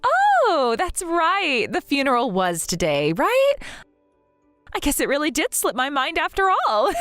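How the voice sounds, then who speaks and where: A woman's voice: sits high, wildly swooping pitch, moderate pace, a bit bright, no echo, faint music behind, voice pushed up, heavily acted. A woman putting on Julia, a sneering snob. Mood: mocking. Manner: sneering and gloating. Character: snobbish, mocking rich woman sister-in-law. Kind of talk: dramatized story voice acting.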